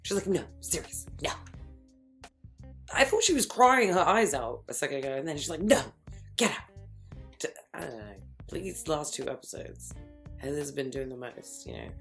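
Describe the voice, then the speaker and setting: Woman, low-pitched, gossipy and animated TV recapper, faint music bed. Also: gravelly. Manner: animated, gossipy, quick asides, laughs often. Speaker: reality TV recap vlogger. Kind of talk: casual chat.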